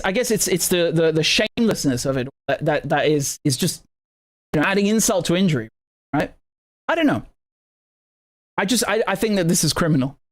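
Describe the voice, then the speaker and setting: Indignant male commentator, slightly high voice. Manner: indignant, stammering restarts and rhetorical questions. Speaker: political commentator and host. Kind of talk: live news commentary.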